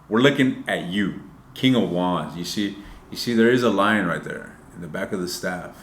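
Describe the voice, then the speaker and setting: A man's voice: sits low, roomy sound, a little hiss or hum. A man giving a casual, loose tarot reading, swearing freely and talking straight to his viewers. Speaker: tarot reader.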